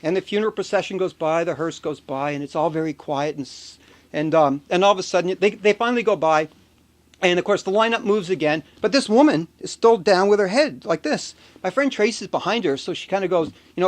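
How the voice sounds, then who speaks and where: A man's voice: sits high, fast talker. A man vlogging in a casual, chatty way, telling an anecdote with chuckles. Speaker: video blogger. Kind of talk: casual chat.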